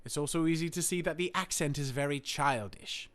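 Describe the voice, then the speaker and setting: A man from Australia explaining voice acting in a formal, deliberate scripted tutorial. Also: a little high, heavy background noise.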